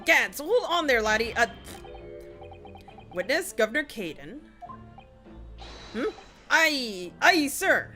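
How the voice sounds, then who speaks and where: A blustering older prison governor, barking hearty exclamations, as a woman voices him. His voice runs high and lively, with faint music behind. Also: slow, long pauses, heavily acted.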